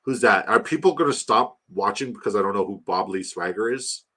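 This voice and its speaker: Bright, jokey man chatting on stream. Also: fairly low pitch, animated, fairly quick, husky. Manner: rambling, jokey, shouting out viewers by name. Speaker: streamer hosting a fantasy football draft stream. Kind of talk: casual live-stream chat.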